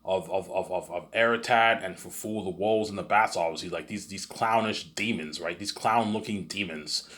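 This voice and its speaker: A man's voice: sits low, moderate pace, hardly any pauses, a bit bright. A man vlogging in a rambling, repetitive monologue with frequent swearing.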